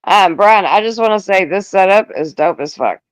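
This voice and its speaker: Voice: mid-range voice, lively intonation, moderate pace, clean tone, no room sound. A panelist with a mid-range voice animatedly retells a conversation in casual live stream chat. The sound is dry and close.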